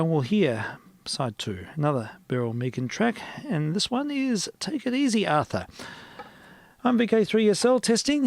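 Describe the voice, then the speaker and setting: A man hosts a hobby radio stream, chatting in a loose, rambling way between records. His voice is gravelly, and his pitch swings widely. The recording is dry and close. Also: no echo. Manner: relaxed, rambling, with fillers. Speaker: amateur radio stream host. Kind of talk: casual on-air chat.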